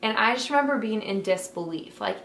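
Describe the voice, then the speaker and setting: A woman's voice: mid-range voice, big pitch swings, fairly quick, fairly bright tone. Chatty young woman in an echoey room. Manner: chatty, many fillers like "like" and "um"; emotional, heartfelt. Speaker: vlogger telling her birth story. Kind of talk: casual storytelling to camera. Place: her bedroom at home. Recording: echoey room, faint ambient noise.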